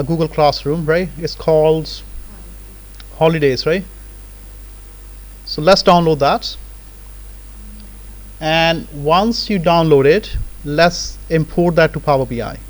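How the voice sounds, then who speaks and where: A man teaching a live software tutorial in a casual lecturing manner, often checking in with "right?" and "okay?". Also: on the high side, low-quality recording.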